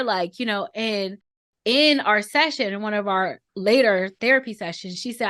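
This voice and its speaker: A woman in her thirties relates a personal family story in a podcast conversation, her mid-range voice captured in a dry, studio-quality recording. She speaks reflectively and earnestly, slowing often to choose words, and holds back emotion, softening at tender moments.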